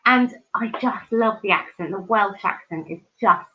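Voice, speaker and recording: A woman's voice: mid-range voice, moderate pace, pushed and bright. A woman hosting a live stream, chatting casually and effusively with viewers, reading out their comments with many ums and restarts. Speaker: livestream host. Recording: dull lo-fi stream audio.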